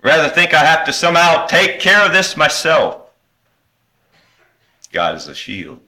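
Male preacher, slow and earnest, bright forceful tone, sermon delivery. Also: on the high side, wildly swooping pitch, poor audio. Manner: reads scripture in old-style wording. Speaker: pastor.

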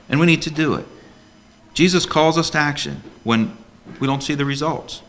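Bright-voiced deacon preaching a sermon. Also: male voice, fairly high pitch, moderate pace, a little hiss or hum. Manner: earnest, rhetorical questions, emphatic. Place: church before a congregation.

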